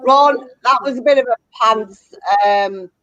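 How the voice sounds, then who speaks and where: A woman's voice: a little high, a little slow, fairly bright tone, no room sound, muffled recording. A woman hosting a quiz among friends, reading out questions and answer options. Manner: reads out answer options in a listing rhythm. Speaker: quiz host.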